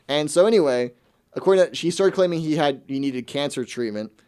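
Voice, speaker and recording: A man hosting a radio show, ranting in a quick, exasperated way and putting on mock quotes during casual chat. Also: a little high, lively intonation, a little mellow, clear, resonant tone.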